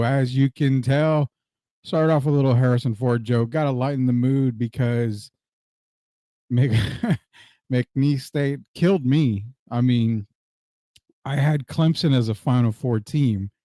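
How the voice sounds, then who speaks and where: Mellow guy hosting a sports show, dry close sound, just chatting about the games. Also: medium pitch, dry recording. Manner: relaxed, chatty opinions on games. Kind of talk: casual sports talk.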